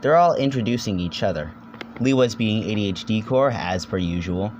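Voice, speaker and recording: A man's voice: fairly low pitch, expressive, a little mellow, highs cut off, slight background noise. Rambling jokey young man. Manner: rambling, jokey, swears, quick silly voices. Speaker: video essayist. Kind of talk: casual comedic video essay narration.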